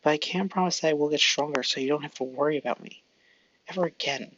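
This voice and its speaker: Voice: mid-range voice, fast, fairly bright tone, highs cut off, slight background noise, close to an everyday voice. A fan storyteller voicing an earnest, shy teenage boy hero who stammers at times, in a fan audio story.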